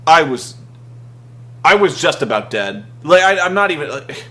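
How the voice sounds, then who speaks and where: A man delivers a profane comedic rant, exasperated and mocking throughout. His voice sits a little high and sounds bright and tense. He swears freely as he tears into a show. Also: big pitch swings, moderate pace. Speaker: wrestling show reviewer.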